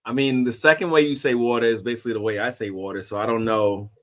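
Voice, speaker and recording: A man speaking as a co-host on a webinar over a video call, relaxed and easygoing. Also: mid-range voice, fast talker. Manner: relaxed, laughs easily. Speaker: agency founder, co-host. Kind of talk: casual webinar chat.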